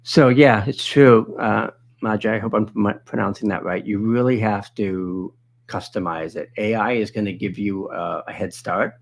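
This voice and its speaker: A man with a gravelly, fairly low voice hosts a live online session. He talks casually and thinks aloud as he clicks through a software demo. He stops now and then to take viewer questions. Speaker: webinar host demonstrating video software.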